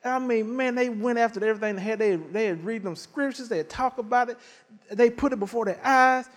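A man's voice: very high-pitched, a little fast, long reverb tail. A middle-aged man preaching a sermon, telling folksy stories with lots of laughter. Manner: animated, folksy storytelling with laughter. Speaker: pastor.

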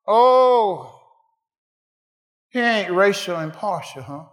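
A man preaching a call-and-response sermon, asking the congregation questions and rising to shouted answers. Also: high-pitched, expressive, takes it slowly, long pauses.

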